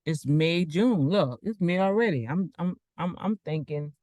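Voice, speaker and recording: A man's voice: fairly high pitch, animated, measured pace, darkish tone, no echo. A man giving a casual, rambling online talk as a financial coach, preaching with asides while sharing his screen.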